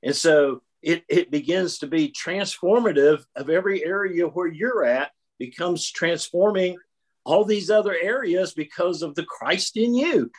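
A guest in a casual faith conversation, speaking with excited, tumbling enthusiasm. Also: medium pitch, a little slow.

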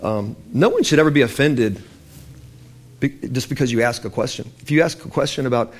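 A man's voice: mid-range voice, a little fast. A man preaching a sermon in a loose, conversational way, acting out the voices of Bible figures as he tells the stories. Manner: loose and conversational, with restarts and fillers.

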